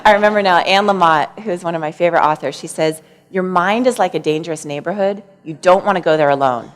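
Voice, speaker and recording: A woman psychologist giving a public talk, telling personal stories in a gentle, candid way with a little self-mocking laughter. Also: fairly low pitch, fast talker. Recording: long reverb of a lecture hall.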